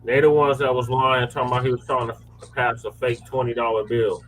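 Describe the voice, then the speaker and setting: A man's voice: medium pitch, little pitch movement, fairly quick, a little hiss or hum, poor audio. A man in a casual podcast panel, his voice in an ordinary middle range. He mostly drops in brief words of agreement and the odd added fact. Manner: short agreeing interjections.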